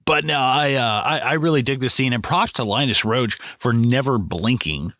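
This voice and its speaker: A man of middle pitch talks about a film in a relaxed, joking way, often hesitating and restarting. His tone is bright and forward. The recording is dry. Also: normal speed, dry recording. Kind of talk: casual film discussion.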